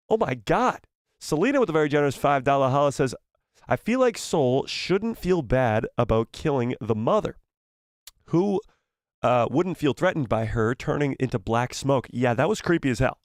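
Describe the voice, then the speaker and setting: A young man runs a casual live stream, reading viewers' messages aloud in a playful, animated way and occasionally tripping over words. His voice is mid-range, captured with studio quality and no room sound.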